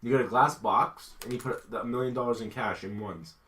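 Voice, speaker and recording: A man's voice: medium pitch, brisk. A young man hosting a casual podcast from a small concrete room, telling stories animatedly and acting out quotes. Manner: animated storytelling with acted-out quotes. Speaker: podcast host. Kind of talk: casual chat.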